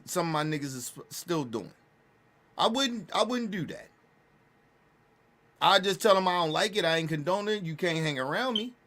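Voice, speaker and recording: A man talking casually and bluntly, repeating and restarting his phrases, with emphatic jumps in pitch and loudness. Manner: blunt, repetitive, restarts phrases, profane slang. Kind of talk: casual street talk commentary.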